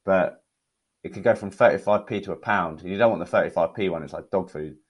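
A British man, a podcast guest, telling his stories in a relaxed, chatty way with plenty of fillers. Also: deep voice, fairly quick, husky. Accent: British English. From United Kingdom. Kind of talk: casual conversational storytelling.

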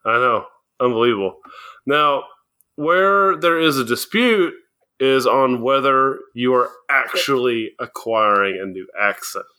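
A man's voice: mid-range voice, a little slow, pushed and bright. A man co-hosting a casual podcast chat, explaining things and often laughing as he goes. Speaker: podcast co-host.

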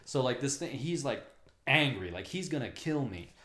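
Brief: a mail carrier in a loose podcast chat, mid-pitched, swears a lot, room echo. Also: male voice, normal speed. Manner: profane, animated storyteller, acts out voices. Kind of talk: casual storytelling chat.

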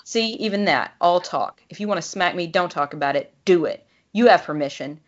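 A woman's voice: fairly low pitch, lively intonation, a little fast, muffled recording, lightly acted. A woman reading the lines of a snarky, rude grown man in a heated argument, taunting and sneering.

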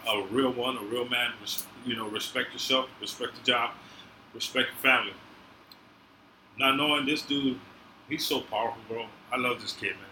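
A man's voice: mid-range voice, steady tone, moderate pace. A man, a podcast guest, telling his story in casual, emotional street slang. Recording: echoey room, faint noise.

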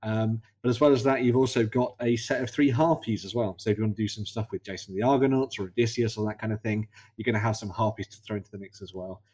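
A man co-hosting a casual gaming show, explaining news in a relaxed, rambling way. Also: fairly low pitch, quick pace, few pauses. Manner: relaxed, rambling, filler-heavy. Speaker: co-host. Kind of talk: casual chat.

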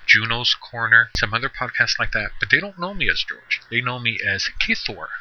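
A man's voice: medium pitch, sing-song, moderate pace, pushed and bright, no room sound. A middle-aged man hosting his own podcast in a chatty, self-deprecating, conversational manner. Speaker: podcast host. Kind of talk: casual solo podcast monologue. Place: on the road. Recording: dull lo-fi sound.

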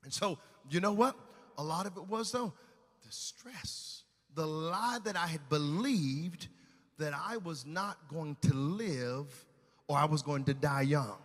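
High bright male preacher in echoey hall. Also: a little slow. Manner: emotional storytelling, shifting from loud to hushed. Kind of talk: sermon testimony.

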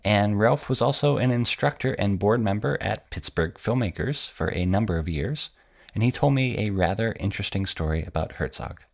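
Gravelly and fairly low in pitch, this animated man talks at normal speed. As a podcast co-host, he walks through local film history in a scripted narration that still feels conversational.

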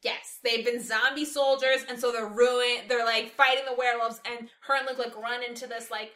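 A woman's voice: a little high, steady tone, normal speed, bright, forceful tone, reverberant. A young woman casually retelling a story, gushing and full of fillers. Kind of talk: casual book recap chat.

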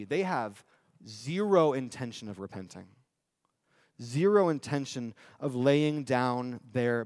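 A male preacher giving a sermon in a conversational style, often asking the audience "right?" and slowing down for emphasis. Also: on the high side, dry recording, studio quality. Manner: conversational, with tag questions and emphatic slowdowns.

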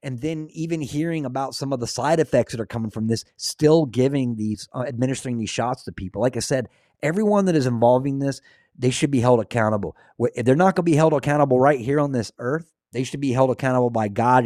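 A man hosting a casual religious talk show, speaking with earnest, excitable preaching energy. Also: mid-range voice, fast talker, no echo, studio quality. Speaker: host.

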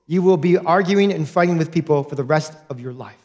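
A man's voice: on the high side, brisk, few pauses, darkish tone. A man preaching a sermon as a pastor, earnest and direct, repeating key points to his congregation.

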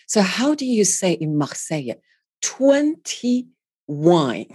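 A woman's voice: on the low side, very animated, slow pace, a little mellow, breathy edge, dry recording, studio quality. A woman hosting an interview, playful and laughing often, addressing her audience directly. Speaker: host. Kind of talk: interview for language learners.

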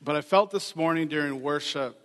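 Pastor, male, fairly high voice, earnest everyday preaching in a church sanctuary with long reverb. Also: fairly quick, fairly bright tone. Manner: earnest, conversational preaching with repeated phrases. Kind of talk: sermon.

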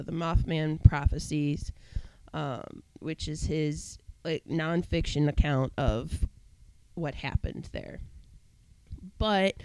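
A woman's voice: fairly low pitch, darkish tone, clear, resonant tone, dry recording, low-quality recording. A woman co-hosting a podcast, chatting casually and rambling a little as she corrects herself. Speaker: podcast co-host.

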